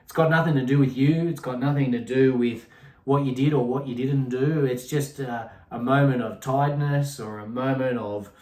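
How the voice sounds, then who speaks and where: Casting: middle-aged dad, mid-pitched, reflective and rambling, roomy echoey sound. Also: male voice, fairly even intonation, normal speed, darkish tone. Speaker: podcast co-host. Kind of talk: casual conversational chat. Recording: echoey room.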